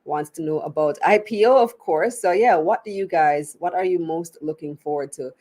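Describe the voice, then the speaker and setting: Host: Jamaican woman, slightly low-pitched, chatty, upbeat business-show presenter. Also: moderate pace, warm tone. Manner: chatty, upbeat, laughs easily. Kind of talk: live-streamed business interview.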